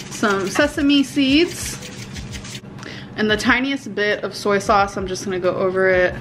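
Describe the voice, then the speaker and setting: Slow-talking woman vlogger in her thirties. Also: medium pitch. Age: 30s. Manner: unhurried, chatty, many fillers like "um" and "like". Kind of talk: casual vlog chat. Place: at home.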